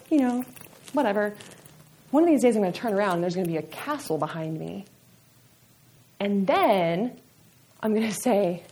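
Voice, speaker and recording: A woman's voice: mid-range voice, expressive, moderate pace, long pauses. A woman giving a candid, conversational personal testimony at a church event, with frequent fillers.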